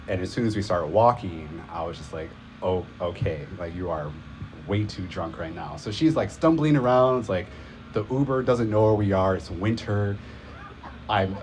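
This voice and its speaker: A man's voice: on the low side, a little mellow. A man casually telling a rambling personal story at a live event, full of filler words and profanity.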